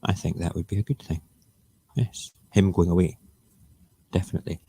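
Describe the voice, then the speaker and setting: A man's voice: low voice, steady tone, normal speed, gravelly, dark tone, husky. A man who hosts a casual morning live stream, ranting emphatically and sarcastically. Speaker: live-stream show host.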